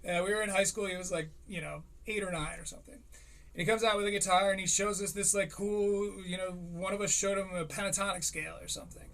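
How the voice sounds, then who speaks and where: A man's voice: high-pitched, fast talker. A man in his thirties giving rambling, profane comedic commentary on a live stream. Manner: rambling, profane, animated impressions.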